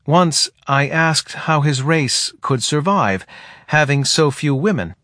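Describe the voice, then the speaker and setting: Man doing a soft, hesitant forest being. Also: fairly high pitch, takes it slowly, no room sound, clean studio sound, pitched above the performer's own voice. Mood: quiet. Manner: quiet, hesitant, almost drowsy. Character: small forest being, soft-spoken male leader. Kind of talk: audiobook character voice.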